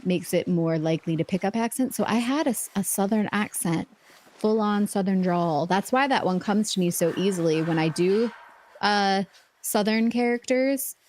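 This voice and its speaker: A woman's voice: medium pitch, moderate pace, a little mellow. A young woman streaming a video game, chatting casually and playfully and laughing often. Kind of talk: casual live-stream chat while gaming.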